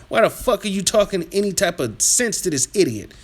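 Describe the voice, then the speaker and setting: A man hosting a live stream, reading chat aloud and trash-talking viewers in a combative, rambling rant that drops to mutters and rises to yelling. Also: very animated, brisk, husky. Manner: swings from low muttering to loud yelling. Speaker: livestream host reading chat.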